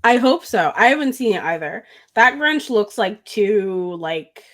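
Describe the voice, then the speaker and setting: A woman's voice: mid-range voice, lively intonation, measured pace. A woman co-hosting a podcast in casual chat, rambling and giggling and tripping over words. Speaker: podcast co-host.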